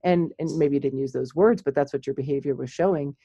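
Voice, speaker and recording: Animated woman psychologist telling stories. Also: sits low, quick pace, breathy edge, dry recording, dull audio. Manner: animated storyteller, laughs often. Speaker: clinical psychologist. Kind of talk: casual chat on psychology.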